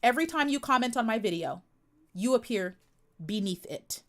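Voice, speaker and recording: A woman's voice: fairly high pitch, lively intonation, normal speed, a bit bright. A young adult woman from the United States hosting a live stream, talking back to critics in the chat in a sassy, confrontational way with emphatic repetition. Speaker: livestream host.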